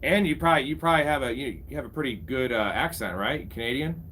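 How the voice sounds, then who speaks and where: A man's voice: medium pitch, fast, pushed and bright, a little hiss or hum. A young man casually commentating a live fantasy football draft, bantering with his chat and swearing freely. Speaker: fantasy football streamer host.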